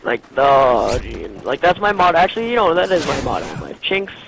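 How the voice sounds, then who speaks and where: A man's voice: fairly high pitch, very animated, fairly quick, gravelly, rough recording. A man hosting a gaming channel who answers questions in a rambling, crude, joking way, packing his talk with "like" and "you know". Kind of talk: joking Q&A over gameplay.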